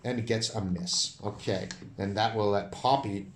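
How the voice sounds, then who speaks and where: A man's voice: fairly low pitch, unhurried, roomy sound, slight background noise. Man narrating a solo tabletop game. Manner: counts dice aloud, animated narration. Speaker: solo game master and player.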